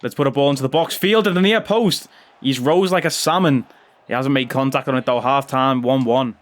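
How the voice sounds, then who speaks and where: Excitable gaming commentator. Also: male voice, medium pitch, brisk. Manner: chatty, excitable, bursts into loud cheers on goals. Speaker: gaming YouTuber. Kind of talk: gameplay commentary.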